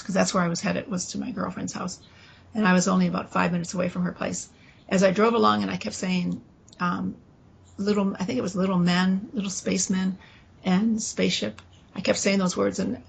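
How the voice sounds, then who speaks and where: A woman in an interview tells a personal story in a halting way, restarting phrases and quoting the people involved. Her voice is gravelly and sits fairly low, with little rise and fall. Faint noise hums under the recording. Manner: halting, with restarts and quoted dialogue. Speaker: guest recounting an experience.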